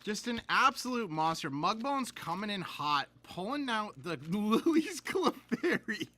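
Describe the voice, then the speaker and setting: A young man hosting a live card-pack opening stream, talking to chat from a laptop mic and bursting into laughs and shouts. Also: high voice. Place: indoors at a computer. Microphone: laptop camera mic.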